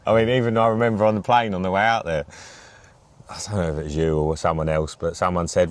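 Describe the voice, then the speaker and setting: Man, middle-aged, very low voice, rambling casual storyteller. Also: steady tone, fast talker. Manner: rambling storyteller, laughs often. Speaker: guest angler. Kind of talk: casual chat.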